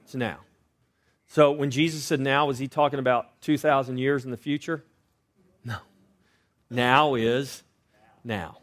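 A pastor preaching a sermon, swinging between loud emphasis and hushed asides and asking rhetorical questions. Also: male voice, mid-range voice, fairly even intonation, a little slow, pauses often. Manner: asks the congregation rhetorical questions.

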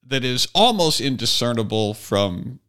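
A man co-hosting a podcast in casual chat, throwing in quick jokes. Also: mid-range voice, big pitch swings, fairly bright tone, smooth. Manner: joking, quick quips. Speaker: podcast co-host.

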